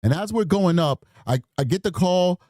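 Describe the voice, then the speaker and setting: A man's voice: sits high, expressive, moderate pace, a little mellow, dry recording, studio quality. A man hosting a true crime stream with emphatic, mocking commentary, mimicking people in bursts. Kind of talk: animated live-stream commentary.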